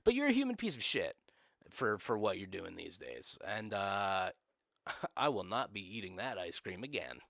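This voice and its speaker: A young man rants on a live stream, sarcastic and profane, breaking into laughs. His pitch swings widely from low mutters to high outbursts. The sound is dry and close, with no room around it. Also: sing-song, moderate pace, vocal fry, a bit bright, no room sound. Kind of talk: casual live-stream rant.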